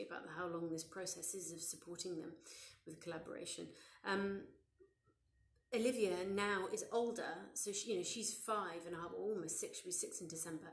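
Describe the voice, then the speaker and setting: Soft-spoken woman in an echoey room. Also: on the low side. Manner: gentle, conversational, many fillers and restarts. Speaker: parenting educator. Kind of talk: live online parenting session.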